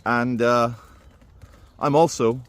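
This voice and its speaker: Man, casual vlog commentary, middle pitch, rambling, lots of fillers, dry asides. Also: fairly even intonation, slow. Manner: rambling, stops and restarts, many "uh" fillers. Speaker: vlogger.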